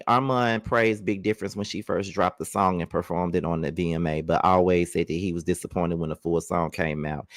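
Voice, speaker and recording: A man hosting a commentary channel, reacting to clips in a chatty, incredulous way and sometimes laughing in disbelief. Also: lowish voice.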